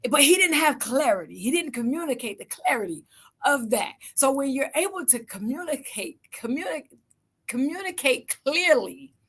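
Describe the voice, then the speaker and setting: Middle-aged woman, higher voice, motivational speaker, animated storyteller who acts out quotes. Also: breathy edge. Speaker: event speaker. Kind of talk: motivational talk.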